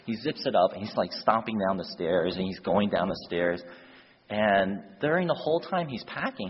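With a husky voice on the low side and a moderate pace, a man tells an animated story as a sermon, shifting into character voices and using offhand fillers. The sound is lo-fi and dull, echoing around a church hall.

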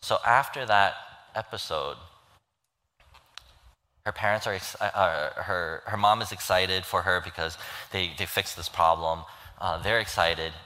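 A man's voice: deep voice, measured pace, long pauses, sharp tone. A man preaching a sermon in earnest, pleading tones, retelling a story and acting out its voices. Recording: long hall reverb.

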